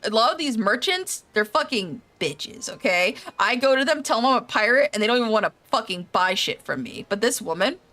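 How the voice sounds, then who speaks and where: A woman voicing a brash, swearing male pirate while retelling a game scene, loud and blunt. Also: a little high, very animated, a little fast, few pauses, exaggerated voice. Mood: griping.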